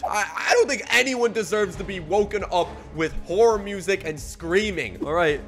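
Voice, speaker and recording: A man commentating his own gameplay, excitable and animated, swinging between dread and delight. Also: high voice, moderate pace, soft background music. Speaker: gaming YouTuber. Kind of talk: gameplay commentary, reading out other players' chat in put-on voices.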